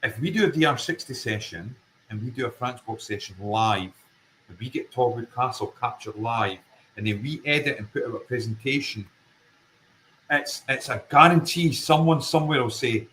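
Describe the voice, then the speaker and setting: A man's voice: mid-range voice, normal speed, a bit bright, a little hiss or hum, poor audio. A Scottish man with a Fife accent, a paranormal investigator guest talking earnestly and emphatically in a casual interview, often circling back to his point. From Scotland.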